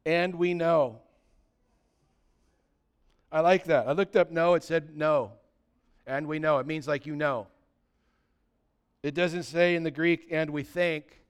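A preacher with a high, clear voice delivers a sermon. He reads scripture aloud and slips into casual, chatty stories full of fillers. He swings from loud proclaiming to quiet, confiding asides. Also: fairly even intonation, unhurried.

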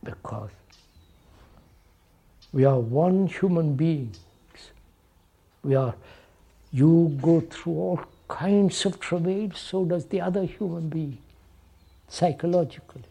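A man's voice: a little high, slow, vocal fry, long pauses, dark tone, husky. A man giving a reflective public talk to an audience, posing questions and repeating phrases, often checking with "right?". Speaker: speaker addressing an audience.

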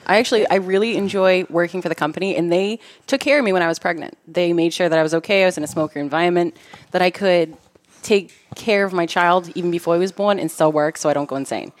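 Young woman with a Boston accent. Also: on the low side. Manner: playful, jokey, quick to laugh. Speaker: guest, smoke shop employee. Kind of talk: casual chat.

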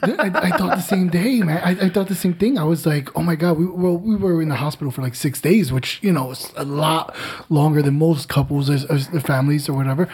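Husky-voiced man, animated storytelling. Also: a little high, brisk. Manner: animated storyteller, swears, says dude. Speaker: father of a newborn. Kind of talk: casual chat.

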